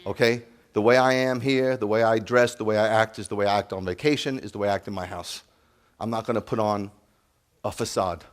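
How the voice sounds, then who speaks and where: A man delivering a sermon as a rabbi. His voice sits on the low side. He talks earnestly and personally, sometimes dropping to a near-hush and sometimes rising to a sharp, loud rebuke. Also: fairly even intonation, fairly quick. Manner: earnest, shifting from soft confiding to loud scolding.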